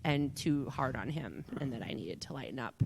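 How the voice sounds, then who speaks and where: A woman co-hosting a casual talk radio show, trading quick, teasing banter. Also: extremely low pitch, lively intonation, creaky, noisy background. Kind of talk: casual chat.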